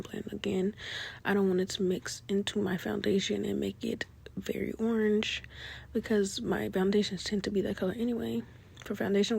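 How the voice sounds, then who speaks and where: A woman casually narrating a makeup tutorial in a relaxed, chatty way, often pausing on "um" and correcting herself. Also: mid-range voice, gravelly, slight background noise. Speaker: beauty vlogger.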